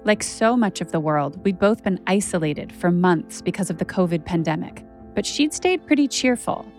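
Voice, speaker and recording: A woman tells her own story as a podcast host, candid and conversational, dropping "like" often. Her voice sits a little low. Soft music plays quietly beneath her. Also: expressive, normal speed. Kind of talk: personal storytelling narration.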